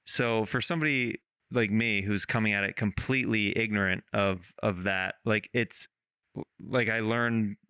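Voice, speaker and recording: A man hosting a podcast talks in an easy, rambling way, circling back and restarting his thoughts as he goes. His voice is bright and forceful, with a smooth, clean clarity. It is recorded dry and close, with almost no room sound. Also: lowish voice, fairly even intonation, unhurried, dry recording. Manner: rambling, many restarts, laughs often. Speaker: podcast host. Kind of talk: casual interview chat.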